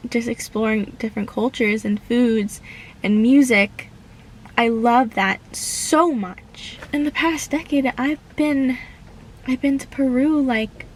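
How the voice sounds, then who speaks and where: A woman's voice: a little high, a little hiss or hum, low-quality recording. A young woman from the United States talking earnestly and heartfelt in a reflective personal vlog. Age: young adult. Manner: earnest and heartfelt, slow with pauses. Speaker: vlogger.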